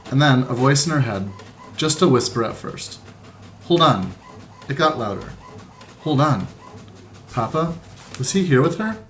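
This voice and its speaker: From a room at home with a printer nearby, a male teacher reads a children's novel aloud to his students. His middle-pitched voice has lively intonation, yet the reading stays plain and unhurried, with only light character voices.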